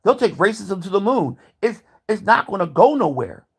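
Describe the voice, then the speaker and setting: A man's voice: high voice, sing-song, normal speed, creaky, slightly rough. A man vlogging a heated, profane rant, repeating himself as he builds his point. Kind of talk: ranting commentary.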